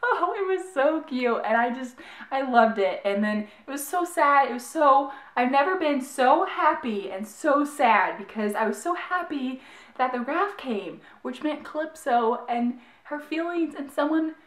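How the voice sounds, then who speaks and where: A young woman reviewing a book in a casual, gushing way, full of "like" and excited restarts. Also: sits high, measured pace, roomy sound. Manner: gushing, excited, heavy use of "like".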